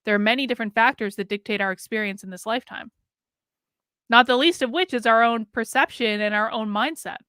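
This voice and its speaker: A woman hosting a reaction video, pausing the clip to give measured, emphatic commentary and repeating points for stress. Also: a little high, a bit bright, clear, resonant tone, dry recording, studio quality.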